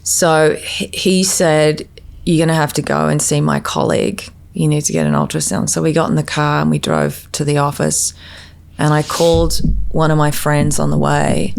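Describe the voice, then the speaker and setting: A woman podcast guest telling her personal story in a halting way, often restarting her sentences. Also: deep voice, vocal fry, darkish tone.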